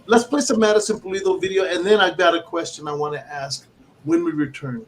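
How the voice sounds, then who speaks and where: Man, co-host, playful, teasing, loud bursts, high voice. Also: a little fast, poor audio. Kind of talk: joking live show banter.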